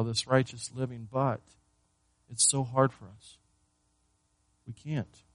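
A man's voice: mid-range voice, no room sound. A man preaching a sermon as pastor, earnest, often repeating words and asking the listeners questions.

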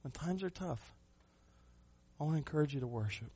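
A pastor preaching a sermon, a man who speaks with emphasis, asks rhetorical questions and moves between loud and soft passages. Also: a little high, animated, brisk, slightly rough, lo-fi sound.

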